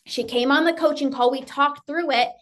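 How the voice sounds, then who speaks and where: A woman's voice: high-pitched, steady tone, normal speed, fairly bright tone. A woman coach giving an emphatic motivational talk, often acting out her client's thoughts and repeating phrases for effect.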